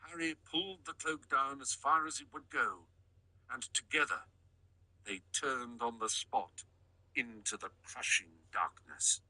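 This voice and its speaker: A man reads a storybook aloud in a measured, even style. His tone is very bright and crisp, and the studio sound is close and dry. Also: mid-range voice, no room sound, poor audio. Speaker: audiobook narrator. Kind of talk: scripted narration.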